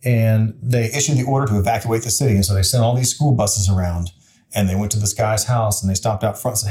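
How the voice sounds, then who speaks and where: Fast-talking and mellow, his voice sits fairly low. The man, a council member in his forties appearing as an interview guest, recounts a story in a frank, conversational way, earnest and plain, with many restarts.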